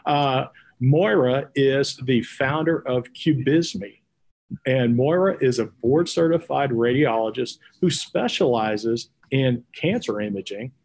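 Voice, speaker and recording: A man's voice: mid-range voice, darkish tone, husky. A middle-aged man with a Texas accent hosting an interview show, chatty and folksy with lots of fillers. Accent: Texan. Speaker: podcast host.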